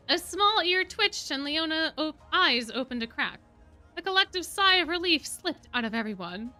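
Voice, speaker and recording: A woman streamer reading a novel aloud live, lively and laughing at the text. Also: high-pitched.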